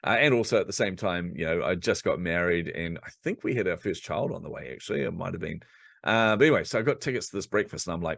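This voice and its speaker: A man with a low, deep voice tells a personal story at a quick clip, a podcast guest who slips into acting out his own thoughts. The sound is dry and close, with no room around it. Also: lively intonation, creaky, a bit bright, no room sound. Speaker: podcast guest, coach and speaker.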